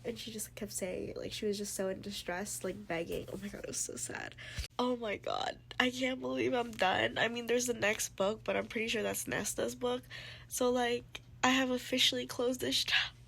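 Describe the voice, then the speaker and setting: A woman's voice: on the high side, fairly even intonation, normal speed, vocal fry, husky. A young woman in a casual reading vlog, gushing and teary, full of "like" and "oh my god", often dropping to a whisper. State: teary and emotional. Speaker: book vlogger.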